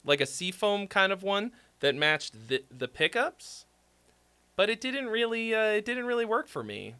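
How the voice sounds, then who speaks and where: A man's voice: sits high, big pitch swings, moderate pace, pushed and bright, clean tone, dry recording. A man chatting casually on a live stream, swearing freely and joking as he rambles. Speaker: streamer and song critic.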